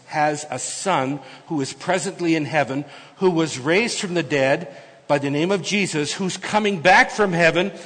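A man's voice: on the high side, breathy edge. Preaching man in an echoing hall. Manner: expository preaching, swings from soft asides to loud emphatic proclamation. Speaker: pastor. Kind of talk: sermon.

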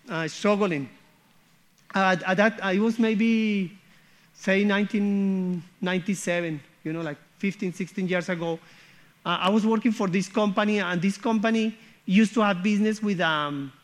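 Middle-aged man, high voice, faith testimony told as a story with quoted dialogue. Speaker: speaker sharing his testimony.

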